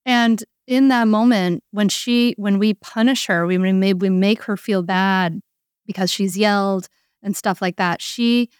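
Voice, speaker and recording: A woman's voice: mid-range voice, fairly even intonation, a little slow, clear, resonant tone, no room sound, studio quality. A woman working as a parenting coach, explaining earnestly and often checking in with "right?". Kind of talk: coaching conversation.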